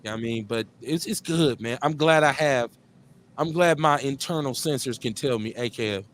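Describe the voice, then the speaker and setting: A man's voice: mid-range voice, moderate pace, a little hiss or hum. Laid-back slangy Midwestern radio host man. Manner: laid-back, slangy, drawls and repeats phrases. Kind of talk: casual live call-in show chat.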